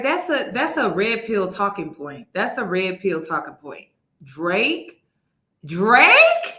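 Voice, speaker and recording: A woman's voice: on the high side, sharp tone, reverberant. A woman hosting a reaction commentary, speaking incredulously and mocking. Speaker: commentary host.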